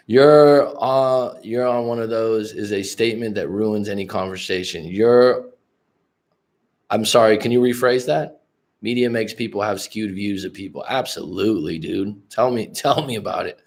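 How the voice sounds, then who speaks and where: A man's voice: fairly low pitch, moderate pace, darkish tone. A talkative, outgoing young American man from California, telling stories casually to a livestream chat. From California, Bay Area. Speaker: life coach hosting a livestream. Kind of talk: casual storytelling to live chat.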